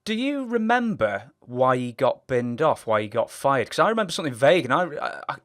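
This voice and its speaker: A man's voice: mid-range voice, very animated, brisk, fairly bright tone. Chatty man asking questions. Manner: chatty, rambling questions with many fillers. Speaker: interview host. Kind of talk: casual interview.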